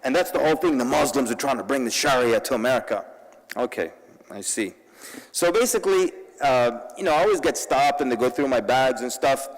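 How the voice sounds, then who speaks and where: A man's voice: mid-range voice, brisk. Man preaching in a reverberant hall. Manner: lively storytelling with humorous asides; addresses the audience directly and urgently. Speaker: convention speaker. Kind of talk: sermon-style public talk. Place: large convention hall. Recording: long reverb in a large hall.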